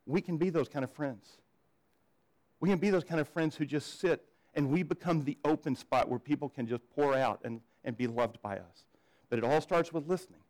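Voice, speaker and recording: A man's voice: fairly high pitch, moderate pace, a little mellow, low-quality recording. A man preaching a sermon as pastor, conversational, often repeating words as he starts a sentence and asking the congregation questions. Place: church.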